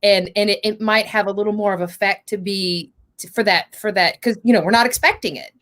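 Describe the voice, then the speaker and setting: A woman's voice: medium pitch, brisk, a bit bright. A woman hosting a monologue contest over a video call, giving rambling, effusive feedback full of "you know" fillers. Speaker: host and judge of a monologue contest.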